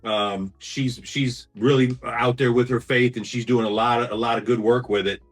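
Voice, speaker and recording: A man's voice: mid-range voice, fairly even intonation, normal speed, soft background music. A man who is a podcast guest, chatting in a friendly, upbeat way. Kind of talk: casual conversation.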